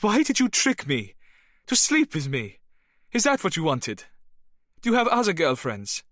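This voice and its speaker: A woman's voice: rumbling low, sing-song, a little slow, a bit bright, dry recording, clean studio sound, voice pushed up, full character voice. A man reading an audiobook voices a young woman who questions her lover with rising anger. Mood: angry.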